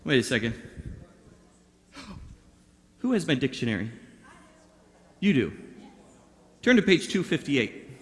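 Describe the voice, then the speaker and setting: A man's voice: mid-range voice, very animated, takes it slowly, long pauses. A man performing a mind-reading act for a youth audience, chatting playfully and directing volunteers. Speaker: magician performing for a youth group. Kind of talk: interactive stage patter. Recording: long hall reverb.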